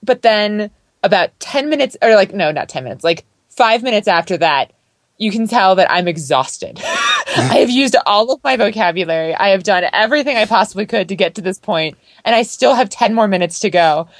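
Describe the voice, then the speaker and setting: 热情健谈的女播客主持人，声音干燥贴近. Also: female voice, medium pitch, fairly quick, dry recording. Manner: animated, laughs often, acts out quoted voices. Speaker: podcast co-host. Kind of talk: casual chat.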